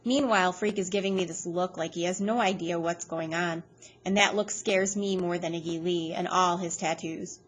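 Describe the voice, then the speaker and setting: A woman reading a novel aloud in a steady, plain storytelling manner. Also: fairly low pitch, normal speed, a little hiss or hum. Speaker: reader.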